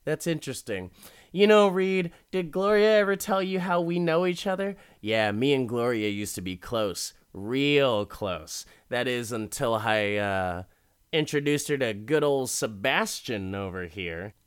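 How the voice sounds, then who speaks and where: A man's voice: mid-range voice, lively intonation, a little slow, clean tone, lightly acted. A man voicing a smug, obsessive rich man who boasts while he blackmails.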